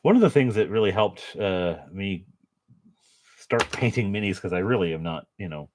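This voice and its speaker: This miniature painter and channel host hosts a relaxed painting session from home, his low, darkish voice animated and moderately paced. He rambles, mocks himself, and drops in jokes as he chats while painting.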